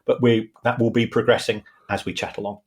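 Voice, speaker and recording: A man's voice: on the low side, flat delivery, fairly quick. A man co-hosting a podcast in casual chat, hesitant and full of filler sounds. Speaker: podcast co-host.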